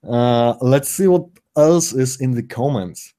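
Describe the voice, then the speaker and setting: Halting, mellow-voiced middle-aged man. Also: medium pitch. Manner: hesitant and halting, restarts and corrects himself. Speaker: co-host on a live stream. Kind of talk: casual chat, reading out chat comments.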